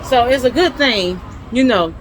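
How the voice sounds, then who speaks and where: A woman's voice: on the high side, expressive, a little slow, a faint crowd, rough recording. A woman with a Southern US accent talks through history like a casual lesson, chatty and folksy, full of asides. A faint hum of vehicles sits behind her voice. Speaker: host teaching history. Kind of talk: casual explainer talk.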